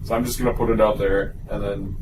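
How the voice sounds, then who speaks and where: A man's voice: lowish voice, quick pace, over music. A man co-hosting a casual podcast, teasing his friends. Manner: lively, teasing. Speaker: podcast co-host. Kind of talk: casual chat. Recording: echoey room, distant mic, noisy.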